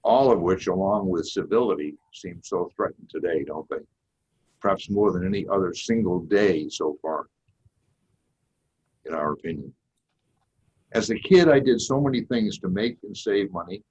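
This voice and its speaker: A man in his eighties with a Boston accent, giving a prepared seminar talk as a guest speaker in a measured, folksy storytelling way. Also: deep voice, a little mellow, husky. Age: 80s. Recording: dull lo-fi recording.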